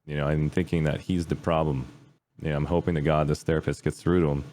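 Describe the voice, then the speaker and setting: A man's voice: rumbling low, little pitch movement, quick pace, darkish tone. A man, a streamer guest on a podcast, telling a personal story in a candid, earnest casual way, trailing off with fillers.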